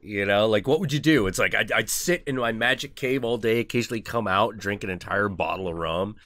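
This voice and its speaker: A man's voice: on the low side, brisk, fairly bright tone, no room sound. A young man hosting a stream, ranting in casual chat with lots of profanity and mock voices for other people. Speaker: stream host.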